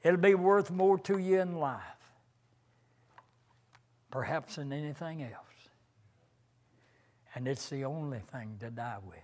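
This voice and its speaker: An older man preaching a sermon in a slow, earnest way, reciting hymn lines with rising emphasis. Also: a little high, fairly even intonation, darkish tone.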